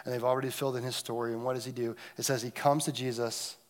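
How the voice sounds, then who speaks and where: A man preaching a sermon, swinging between loud emphatic lines and hushed, almost whispered moments. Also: mid-range voice, level tone, fast talker. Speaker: pastor.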